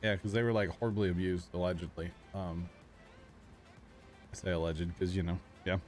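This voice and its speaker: A man hosting a casual gaming livestream, chatty and quick to laugh, greeting viewers by name as he plays. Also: low voice, steady tone, darkish tone, soft background music. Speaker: streamer host. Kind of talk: casual chat while gaming.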